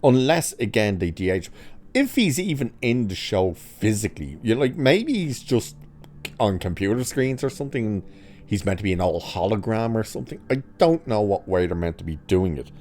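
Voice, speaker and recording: Man, low voice, dark tone, sarcastic, exasperated, casual commentary. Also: big pitch swings, moderate pace. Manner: sarcastic, exasperated, laughs at own jokes. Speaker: pop culture commentator.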